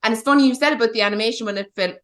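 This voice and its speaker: A woman's voice: on the high side, rapid-fire. A woman with a nasal voice, gushing enthusiastically as a podcast co-host.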